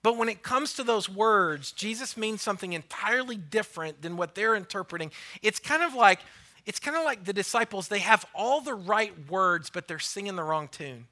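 A male pastor preaching a sermon, retelling a story with lively voices for the characters and repeating phrases for emphasis. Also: high voice, normal speed. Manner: animated storytelling, acting out the voices of biblical figures.

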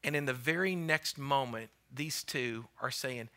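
A male pastor preaching a sermon, retelling a story with lively voices for the characters and repeating phrases for emphasis. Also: medium pitch, unhurried. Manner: animated storytelling, acting out the voices of biblical figures.

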